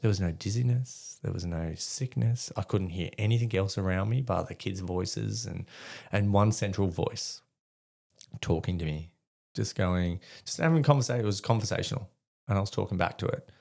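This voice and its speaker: With a deep, creaky, slightly mellow voice at normal speed, a middle-aged Australian army veteran tells a story as a podcast guest. His conversational telling is loose, with frequent fillers and free swearing.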